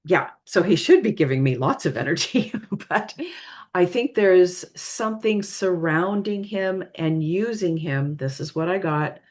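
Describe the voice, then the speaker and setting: Woman, slow talker, lowish voice, halting and apologetic, tired straining voice. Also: expressive, darkish tone. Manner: hesitant, apologetic, halting with many fillers. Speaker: spiritual reader. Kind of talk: casual spoken reading.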